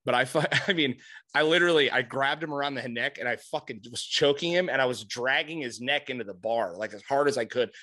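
A man in casual chat, telling an animated, profane story and laughing often. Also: mid-range voice, brisk.

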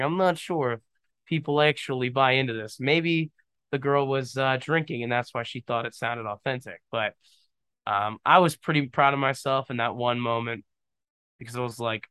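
A man's voice: mid-range voice, measured pace, sharp tone, clear, resonant tone, no room sound. A man in his twenties hosting a casual solo podcast, joking and rambling off on tangents into a microphone. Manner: rambling, jokey, goes off on tangents. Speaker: podcast host. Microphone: studio microphone, on camera.

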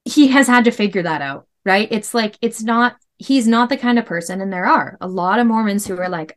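A woman's voice: mid-range voice, a little fast, hardly any pauses. A woman in her thirties telling her own story as a podcast guest, candid and emphatic, full of "like" fillers. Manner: animated, emphatic, many "like" fillers.

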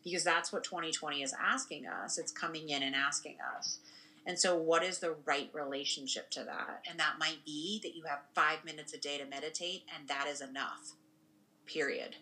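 Low, bright-voiced woman talking casually. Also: steady tone, moderate pace, low-quality recording. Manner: rambling, frequent "right?" tag questions. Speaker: podcast co-host and spiritual practitioner. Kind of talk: casual conversation.

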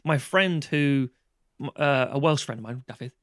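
A man's voice: mid-range voice, normal speed, a bit bright, no echo. Sweary man ranting, dry sound. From London, England. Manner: ranting and sweary, acting out quoted people. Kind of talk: casual chat.

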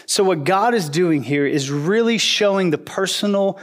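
A man with a somewhat high voice gives a relaxed, conversational sermon. He leans on fillers and playfully acts out the people in his story. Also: normal speed. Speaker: teacher. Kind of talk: casual sermon teaching.

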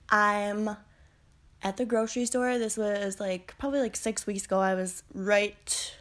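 A young woman, a hairstylist, hosting a podcast and telling a story in a chatty way with lots of "like" and "um". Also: mid-range voice. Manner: acts out quoted voices, sometimes whispering. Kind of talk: casual storytelling monologue.

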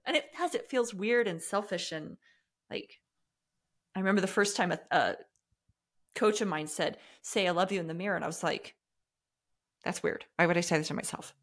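A woman hosting a podcast, chatting in an animated, warm-hearted way. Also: fairly low pitch, moderate pace, long pauses. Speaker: podcast host. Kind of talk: casual interview conversation.

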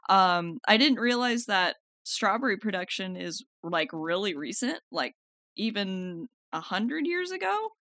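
A woman's voice: medium pitch, sing-song, measured pace, fairly bright tone, no room sound. A woman co-hosting a casual chat, upbeat and full of fillers. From California. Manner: chatty, filler-heavy, upbeat, laughs often. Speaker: podcast co-host.

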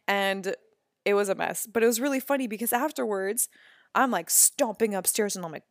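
Woman coach hosting a spiritual podcast; casual, laughing, a bit profane, mid pitch, dry close sound. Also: normal speed, dry recording. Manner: laughing, swearing, animated storytelling.

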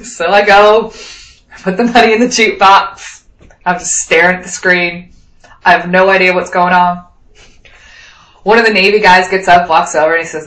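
A woman from Wyoming telling a lively anecdote in a casual way, acting out the lines of the people she met. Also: medium pitch, normal speed, roomy sound, rough recording. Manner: lively anecdotal, acts out quoted dialogue. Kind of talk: casual storytelling.

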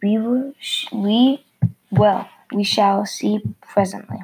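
Slow husky woman reading a fairy tale. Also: medium pitch, steady tone, rough recording. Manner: gentle storybook reading with some slips. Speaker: storyteller.

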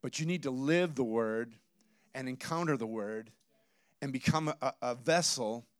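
A man preaching a sermon, telling stories with quoted dialogue and building to emphatic loud bursts, then dropping to low intense asides. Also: a little slow, clean tone, no room sound, clean studio sound. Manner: storytelling with quoted dialogue and restarts. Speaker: pastor.

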